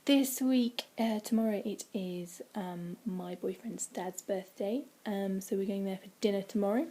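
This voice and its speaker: Mellow, husky woman chatting. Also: medium pitch, a little slow. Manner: chatty and rambling, many ums, quiet breathy asides. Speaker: vlogger. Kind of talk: casual weight-loss vlog. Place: indoors at home, by a window.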